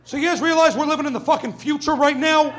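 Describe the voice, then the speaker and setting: A man's voice: very high voice, racing. A young man doing a stand-up comedy set on a club stage, brash and profane, acting out quoted voices.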